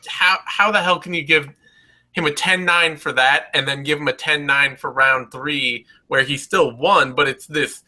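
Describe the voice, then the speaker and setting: A man's voice: on the high side, steady tone, moderate pace, bright, forceful tone, rough recording. A man co-hosting a casual post-fight chat, blunt and emphatic, swearing freely as he breaks down the bouts. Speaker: co-host.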